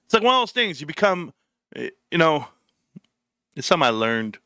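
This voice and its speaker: A man's voice: on the high side, big pitch swings, a little fast, pauses often, pushed and bright, clear, resonant tone, no room sound, studio quality. A man hosting a casual live stream, joking, rambling and swearing freely as he talks to viewers by name.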